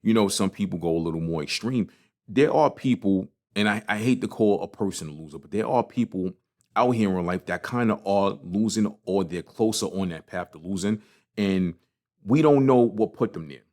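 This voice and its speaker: Hosting his own podcast, a man with a fairly low, darkish voice speaks at a moderate pace. He delivers a casual, passionate motivational monologue about failure, cursing frequently and going over the same points again.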